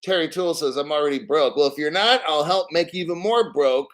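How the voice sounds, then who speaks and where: A man's voice: a little high, animated, a little fast, fairly bright tone. A man hosting a crypto livestream, chatting casually and rambling, swearing freely and greeting viewers by name. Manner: rambling, profane, reads chat names aloud. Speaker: crypto channel host.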